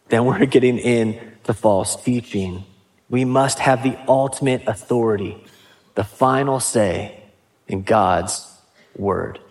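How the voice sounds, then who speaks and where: Male pastor, mid-pitched, relaxed conversational sermon delivery with casual asides.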